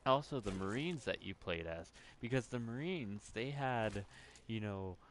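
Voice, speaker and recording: A man's voice: fairly low pitch, animated, a little slow. A man giving casual, rambling commentary while playing a video game, with lots of fillers and restarts and the odd curse when he loses his train of thought. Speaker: gaming commentator.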